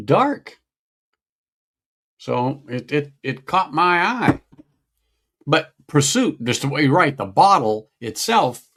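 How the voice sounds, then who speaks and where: A man's voice: fairly high pitch, fairly bright tone. A middle-aged man chatting casually on a whiskey-tasting livestream, musing aloud and greeting viewers. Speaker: livestream host.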